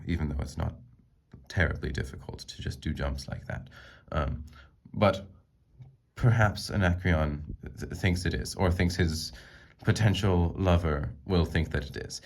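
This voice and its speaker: A man's voice: low-pitched, a little slow. A young man, a music student, giving a class presentation on a song, hesitant and full of ums and restarts, recorded on a phone. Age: young adult.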